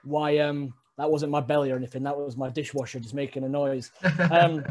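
A man, a military veteran, chatting casually and telling lively stories. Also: medium pitch, fairly quick. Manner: animated storyteller, sound effects. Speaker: military veteran podcast guest. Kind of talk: casual chat.

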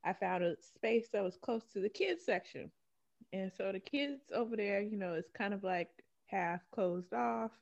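A woman's voice: mid-range voice, unhurried, vocal fry, lo-fi sound. A woman co-hosting a podcast, telling a profane story in casual chat and laughing often. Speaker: podcast co-host.

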